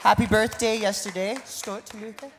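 Her voice is mid-range and steady, moving at a moderate pace, with a little hiss or hum on the audio. She's the host of a live pageant in a concert venue, joking with contestants and laughing a lot.

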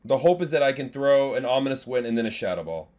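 Excitable young man streaming a game. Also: medium pitch, fast talker, slight background noise. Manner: excitable, swings from mumbling to yelling, banters with chat. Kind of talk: live gaming stream commentary.

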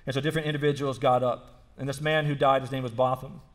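A man's voice: mid-range voice, fairly even intonation, quick pace. A man preaching a sermon as pastor, telling a story earnestly and repeating phrases for emphasis. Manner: frequent restarts and fillers like "like".

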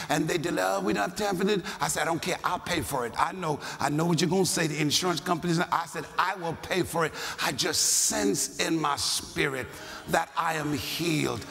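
Fervent older preacher in a big hall. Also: male voice, on the high side, animated, moderate pace, vocal fry, crowd noise, background noise. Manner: shouting, preaching with rising fervor. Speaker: pastor. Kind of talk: sermon. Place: large church hall. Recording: long hall reverb with congregation.

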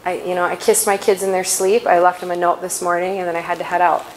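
A woman giving a faith-based inspirational talk at a conference, chatty and quick to laugh, often correcting herself mid-sentence. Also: fairly low pitch, level tone, a little hiss or hum, rough recording. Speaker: conference speaker.

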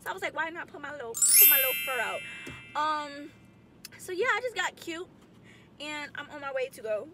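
A woman's voice: high-pitched, animated, moderate pace, bright, forceful tone, slight background noise. A young woman vlogging to camera while driving, chatty, upbeat and full of slang. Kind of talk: casual chat to camera. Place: in a car, driving.

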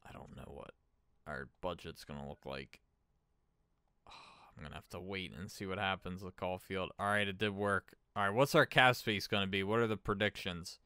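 A man's voice: sits low, normal speed, sharp tone, clear, resonant tone, no room sound. A man giving casual gameplay commentary as a streamer, thinking aloud and chatting with his viewers. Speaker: gaming streamer.

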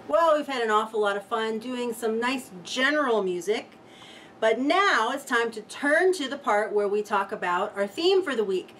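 A woman's voice: on the high side, a bit bright, slight background noise. A woman teaching a children's music lesson, playful and cheerful, chanting rhymes for young listeners.

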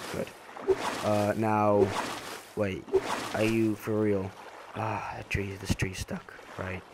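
A young man casually narrating a survival game as he plays, stumbling over and repeating his words, then jumping at sudden scares. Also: lowish voice. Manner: jumpy reactions to in-game scares. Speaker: gaming channel host. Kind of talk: casual let's-play commentary. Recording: voice over noisy game sound.

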